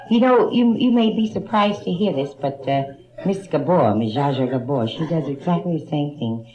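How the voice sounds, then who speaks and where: A woman's voice: low-pitched, animated, normal speed, very noisy. A woman doing bawdy stand-up comedy in a nightclub, trading jabs with hecklers and calling people honey, on a 1960s live album. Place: nightclub stage. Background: audience laughing.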